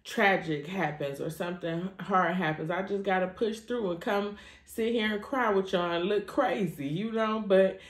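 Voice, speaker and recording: A woman's voice: mid-range voice, normal speed, echoey room. A woman vlogging, grieving and heartfelt, with a casual cussing manner, crying at times. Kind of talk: tearful personal vlog.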